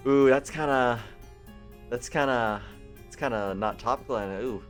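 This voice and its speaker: A man's voice: mid-range voice, unhurried, pauses often, faint music behind. A man reading a visual novel aloud as a let's play, with playful, rambling asides.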